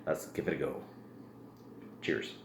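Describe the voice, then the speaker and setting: A man chatting casually through a beer review, relaxed and rambling with many ums and uhs. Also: a bass voice, measured pace, gravelly. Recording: echoey room with faint ambient noise.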